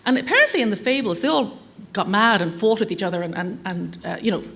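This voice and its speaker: Woman, middle-aged, brisk conference speaker, anecdotal and self-mocking. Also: medium pitch, expressive, creaky, fairly bright tone. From Ireland. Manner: chatty, anecdotal, self-deprecating humor. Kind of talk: conference talk. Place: conference hall.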